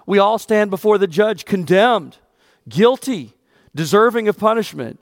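Preaching man with a gravelly voice. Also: sits high, animated, measured pace, dry recording, studio quality. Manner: earnest preaching, rises with emphasis. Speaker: pastor. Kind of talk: sermon.

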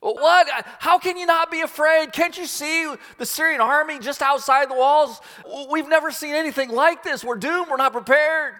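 A man's voice: very high voice, moderate pace, hardly any pauses, sharp tone, long reverb tail, voice pushed up. A man voicing a terrified young male servant crying out in panic. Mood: panicked. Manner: frantic, pleading cries.

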